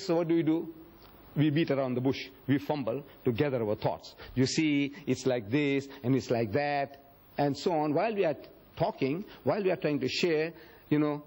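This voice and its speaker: A husky, slightly high-voiced man gives a public religious lecture. He tells his points as dramatic stories and acts out the quoted speech. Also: a little mellow. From South Africa. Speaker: Islamic lecturer.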